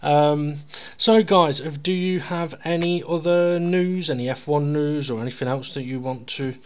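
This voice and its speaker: Man, podcast host, casual chat, rambling, sweary, a bit high-pitched. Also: normal speed, smooth.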